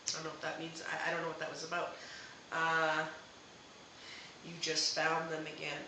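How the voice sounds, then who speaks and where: A woman's voice: sits low, monotone, normal speed, sharp tone, heavy reverb, a little hiss or hum, low-quality recording. A woman hosting a live psychic reading, talking hesitantly with many fillers and restarts. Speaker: psychic medium host.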